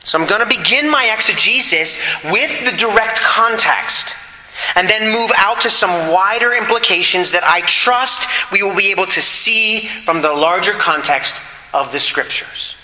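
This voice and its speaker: A man's voice: high-pitched, expressive, moderate pace, sharp tone. A man preaching a sermon to a congregation, earnest and emphatic, repeating his key points. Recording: echoey hall with long reverb.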